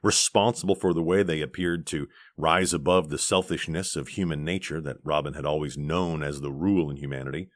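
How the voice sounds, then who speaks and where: A man reading an audiobook aloud in a measured, gentle narration on a close studio mic. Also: a bass voice, fairly even intonation, no room sound.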